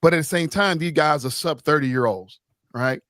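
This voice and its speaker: A man's voice: a little high, moderate pace, fairly bright tone, no room sound, studio quality. A man hosting a casual sports podcast, talking loosely and reading out listener comments. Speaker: podcast host.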